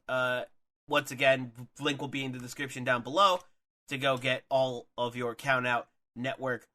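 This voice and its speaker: Upbeat man co-hosting a podcast, bright voice, loose and chatty, trips over words. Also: medium pitch. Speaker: podcast co-host. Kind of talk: casual chat.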